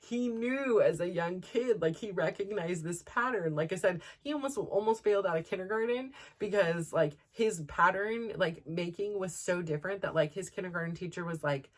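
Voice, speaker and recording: A woman's voice: low-pitched, fairly quick. A middle-aged woman hosting a podcast, chatting casually and rambling with many fillers and restarts. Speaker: podcast host. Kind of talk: casual chat.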